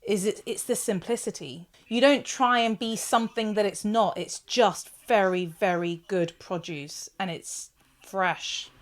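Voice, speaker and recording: A woman's voice: mid-range voice, unhurried. A woman hosting a podcast, asking chatty, enthusiastic questions in a casual interview. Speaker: podcast host.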